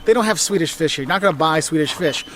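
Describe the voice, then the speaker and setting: High, animated man presenting a travel video. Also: quick pace, a loud crowd. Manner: lively, animated, jokey, exaggerated asides. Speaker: travel vlogger.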